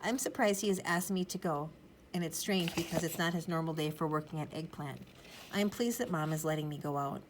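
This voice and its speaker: A woman's voice: sits low, brisk, background noise. A woman reading a children's storybook aloud in first person, in a chatty, rambling childlike manner. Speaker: audiobook narrator.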